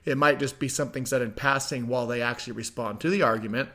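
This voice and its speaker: A man delivers reaction commentary on a debate clip, conversational and emphatic. He leans on rhetorical questions to drive his points home, in a plain, mid-pitched voice. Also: fairly even intonation, fast talker, sharp tone.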